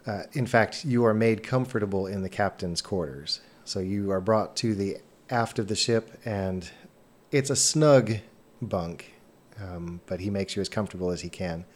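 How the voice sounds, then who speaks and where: Deep-voiced man narrating as game master. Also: normal speed.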